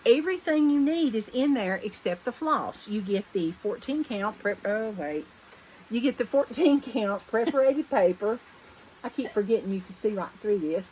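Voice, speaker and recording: A woman's voice: medium pitch, lively intonation, normal speed, a little mellow, a little hiss or hum, rough recording. A woman chatting casually at home about her cross-stitch projects, rambling and correcting herself as she goes. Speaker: cross-stitch vlogger host. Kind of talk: casual show-and-tell chat.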